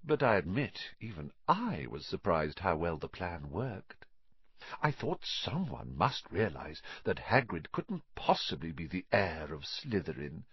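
A man's voice: sits low, sing-song, a little slow, husky, dry recording, lo-fi sound, pitched below the performer's own voice, heavily acted. A man voicing a gloating, silky teenage wizard. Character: sneering scheming sixteen-year-old male wizard. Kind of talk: audiobook character voice.

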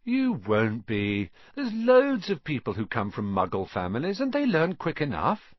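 A man voicing a self-conscious young wizard boy in an audiobook, rambling and apologetic, with a husky voice. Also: mid-range voice, wildly swooping pitch, measured pace, no echo, highs cut off, pitched above the performer's own voice. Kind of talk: audiobook character reading.

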